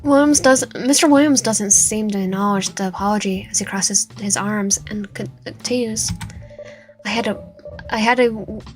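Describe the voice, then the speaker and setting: A woman streaming a visual novel, reading its narration and dialogue aloud with lively reactions, now and then dropping to a whisper. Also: medium pitch, normal speed, faint music behind. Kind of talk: reading game text aloud while playing.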